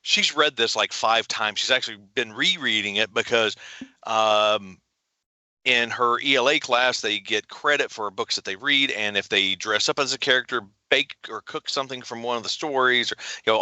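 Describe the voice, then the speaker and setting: A man's voice: mid-range voice, dry recording. A middle-aged man, an author chatting casually as a guest on a video call, telling stories with folksy energy. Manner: animated storyteller, folksy, quick jumps into voices. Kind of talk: casual interview chat.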